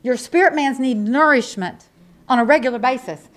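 Woman preacher with a high voice, emphatic, folksy sermon delivery that swings from loud to hushed. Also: moderate pace. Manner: folksy, conversational asides to the congregation.

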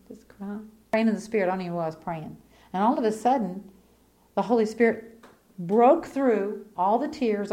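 A middle-aged woman preacher with a mid-range voice delivers a sermon in a folksy, colloquial style. She repeats her key lines, shifting between hushed storytelling and fervent preaching.

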